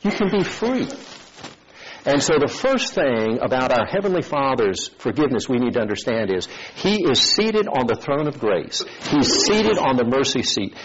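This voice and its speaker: A man preaching a sermon, telling a story and acting out its voices in an animated way. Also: medium pitch, muffled recording, slight background noise.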